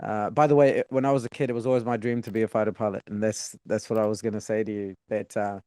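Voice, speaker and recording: A man hosting a podcast, asking questions in a relaxed, conversational way with some fillers. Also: on the low side, quick pace, no echo, studio quality. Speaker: podcast host. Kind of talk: casual interview.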